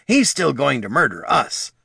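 A man's voice: medium pitch, very animated, moderate pace, creaky, bright, forceful tone, slightly rough, no echo, clean studio sound, voice pushed up, exaggerated voice. A man voicing a small, anxious kobold. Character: nervous little kobold.

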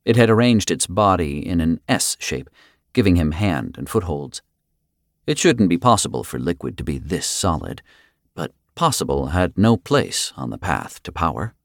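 Low-voiced male audiobook narrator, grave and steady, dry close sound. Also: moderate pace, no echo.

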